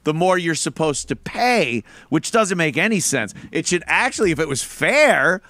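A man's voice: on the high side, moderate pace, dry recording. Podcast co-host, male, swings up and down a lot, dry close sound, profane and jokey. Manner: profane, laughing, animated ranting. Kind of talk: casual chat.

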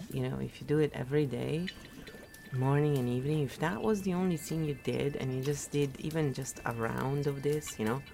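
A woman's voice: very deep voice, gravelly, darkish tone, slight background noise. A woman from Italy giving a casual, rambling spiritual talk, often laughing at her own jokes. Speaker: podcast host.

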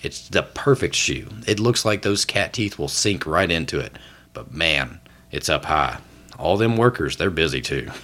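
A man runs a tabletop game as game master, telling a chaotic scene with casual swearing. His pitch jumps around a lot, and he keeps breaking into laughter. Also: lively intonation, fairly bright tone. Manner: laughs often, swears casually, slips into quick voices for passersby. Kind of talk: narrating a tabletop game, profane and comic.

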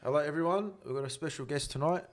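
Blunt, swearing podcast host. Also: male voice, fairly high pitch, fast talker. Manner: blunt, crude, laughs often, slangy. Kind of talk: casual podcast chat, heavy swearing.

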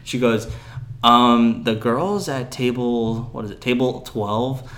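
A young man in his twenties tells a story to his roommates on a casual podcast. He talks loosely and with energy, jumping up in pitch when he acts out what people said. His voice sits at a middling pitch. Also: slow pace. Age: 20s. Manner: animated, laughing, acts out quoted voices. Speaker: podcast host.

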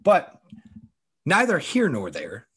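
A man co-hosting a casual sports podcast, animated and profane, teasing his friend, his voice jumping up when excited. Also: on the high side, takes it slowly, breathy edge. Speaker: podcast co-host.

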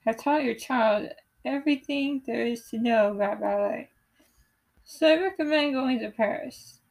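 A woman's voice: a little high, darkish tone, low-quality recording. A young woman reading the lines of an encouraging male ballet instructor in her own voice, firm and praising.

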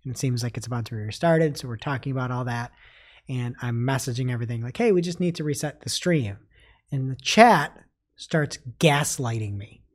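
A man co-hosting a podcast, telling a story in an animated, lively way. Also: fairly high pitch. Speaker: podcast co-host. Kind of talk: casual chat.

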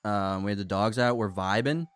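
A man's voice: lowish voice, moderate pace, clear, resonant tone, no echo. A young man, a podcast host, telling a rambling anecdote in casual chat, laughing and restarting as he goes.

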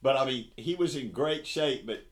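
Man, host, casual interview, stammering starts, middle pitch. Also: normal speed. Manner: stammering, repeats words as he starts a sentence.

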